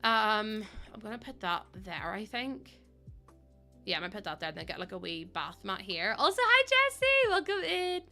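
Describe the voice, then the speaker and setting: A woman's voice: medium pitch, normal speed, creaky, bright, forceful tone, faint music behind. A young woman, chatting casually to viewers while live-streaming a building game, laughing often. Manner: chatty, laughs often, acts out quoted voices.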